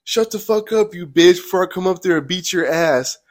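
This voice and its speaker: A man voicing an aggressive, profane stranger who shouts threats from the dark. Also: on the high side, lively intonation, a little slow, pitched above the performer's own voice. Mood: threatening.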